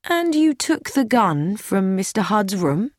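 A woman reading an audiobook, voicing a kindly male police inspector who asks calm, probing questions. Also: mid-range voice, takes it slowly, dry recording, studio quality.

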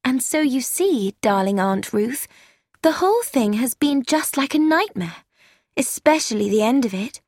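A young woman pours out a worried, chatty letter in earnest, confiding tones, as a woman narrator reads it. The voice sits high and moves slowly. The recording is dry and close. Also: expressive, a little mellow, dry recording. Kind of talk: scripted narration.

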